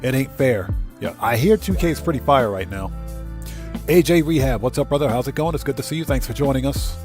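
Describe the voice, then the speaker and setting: A man's voice: mid-range voice, fast, music in the background. A man from the United States hosting a game livestream with no face cam, greeting chat viewers one by one, heartfelt and casual, talking into a desk mic. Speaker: livestream host.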